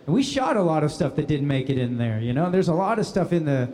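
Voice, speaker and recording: Man, slightly high voice, convention panel guest, casual storytelling, laughs often. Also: fast talker, big-room sound. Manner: laughing, animated anecdotes acting out other voices.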